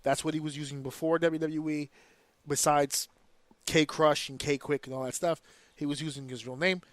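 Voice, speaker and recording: A man's voice: fairly high pitch, fairly even intonation, moderate pace, dry recording. A man hosting a podcast, giving casual wrestling commentary as a heated, profane rant full of slang. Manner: slips into slang and mimicked voices. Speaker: podcast host.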